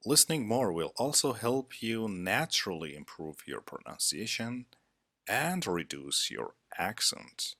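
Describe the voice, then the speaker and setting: A man narrating a scripted English lesson as a teacher, with a measured, deliberate instructional delivery. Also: on the low side, very animated, bright, forceful tone, dry recording, clean studio sound.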